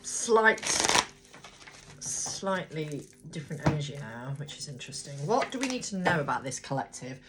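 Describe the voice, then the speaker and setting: A woman's voice: sits low, very animated, normal speed, very noisy. A woman giving a casual tarot card reading, thinking aloud, talking straight to viewers and swearing freely. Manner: chatty, blunt, swears freely. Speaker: tarot reader.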